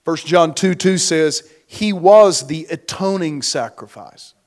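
A man preaching a sermon as pastor, slow and emphatic, his force rising and falling. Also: on the high side, a little mellow. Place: church.

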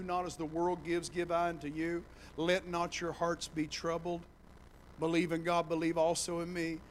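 A man preaching a sermon to his church, telling the story with animated voices and building to loud, shouting passages. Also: a little high, slight background noise, rough recording. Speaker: pastor. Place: church sanctuary.

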